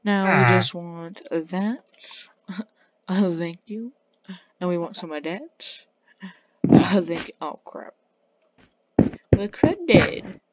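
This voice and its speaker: A woman's voice: on the low side, expressive, takes it slowly, pauses often. A woman giving casual gameplay commentary, playfully trash-talking the characters in her game. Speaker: gaming channel host. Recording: loud background noise.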